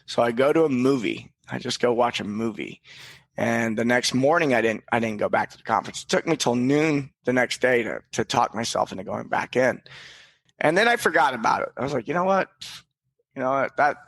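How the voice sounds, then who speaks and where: Podcast guest, male, gravelly mid-pitch voice, dry close sound, candid and reflective. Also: animated, brisk, fairly bright tone, no room sound. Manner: earnest, reflective, casual swearing, frequent restarts. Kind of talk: candid personal storytelling.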